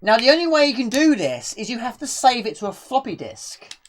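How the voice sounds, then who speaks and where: Woman, live game streamer, breathless and rambling, very lively pitch. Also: fairly quick. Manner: chatty, rambling, reads chat questions aloud. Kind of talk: casual gameplay commentary.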